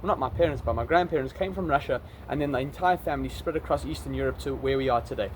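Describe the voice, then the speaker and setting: A man's voice: mid-range voice, quick pace, a little hiss or hum. A man with a South African accent talking casually to the camera outdoors in a vlog, rambling and correcting himself as he goes. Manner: chatty, rambling, self-correcting. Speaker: vlogger. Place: outdoors in an urban area.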